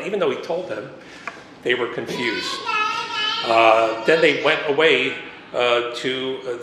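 A man's voice: mid-range voice, fairly bright tone. A man preaching a sermon, reading scripture verses aloud and stopping to explain them, with frequent "uh" and "um". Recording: echoey room, faint background noise.

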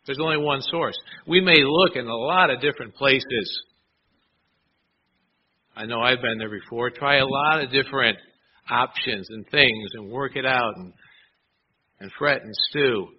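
A man's voice: mid-range voice, measured pace, long pauses, highs cut off, a little hiss or hum. A man preaching a sermon in a conversational way, often asking his listeners rhetorical questions. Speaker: pastor.

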